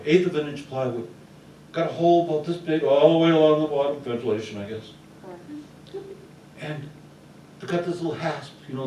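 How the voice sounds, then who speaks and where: A man telling comic stories to a live audience on a small theater stage, playful and animated, acting out sounds. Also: a little high, far from the mic, slight background noise. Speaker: storyteller at open mic. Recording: roomy hall, heard from afar.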